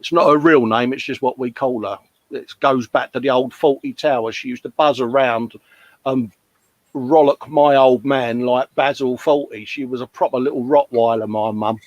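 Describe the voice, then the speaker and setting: A man's voice: medium pitch, steady tone, normal speed, no room sound, highs cut off. A man hosting a live modelling stream, chatting casually and bantering with viewers' comments. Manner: chatty, matey, jokey banter. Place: hobby workshop at a bench.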